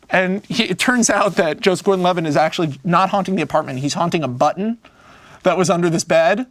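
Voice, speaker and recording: Animated high-voiced man pitching a film. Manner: animated storyteller who acts out scenes; speaks in fast bursts with many "like" fillers. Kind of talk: casual interview talk.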